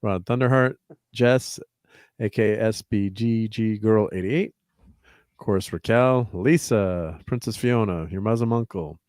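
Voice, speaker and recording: Low-voiced man hosting a casual stream. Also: a little slow, no room sound, clean studio sound. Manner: relaxed, rambling thank-yous with fillers. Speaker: host. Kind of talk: casual livestream chat.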